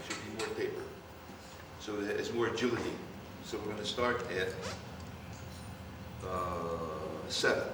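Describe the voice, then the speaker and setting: A man's voice: lowish voice, steady tone. Guy running band practice, sings the notes, big echoey room, mic far off, band noise. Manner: sings phrases aloud, brisk instructions. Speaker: band conductor. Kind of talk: rehearsal coaching. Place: rehearsal hall. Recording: echoey hall, distant mic, band playing.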